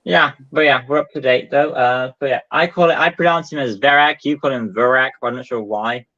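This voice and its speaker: A man's voice: mid-range voice, a little fast, bright, forceful tone. Young guy rambling on a casual stream, lots of ums, kinda dull lo-fi sound. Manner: rambling, hesitant, many fillers. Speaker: co-host ranking books. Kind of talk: casual livestream chat. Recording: dull lo-fi audio.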